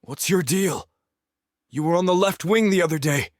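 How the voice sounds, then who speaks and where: A man's voice: on the high side, normal speed, no echo, clean studio sound, voice pushed up, lightly acted. A male narrator voicing a young male hockey teammate with teasing, reassuring banter in an audiobook. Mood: ribbing.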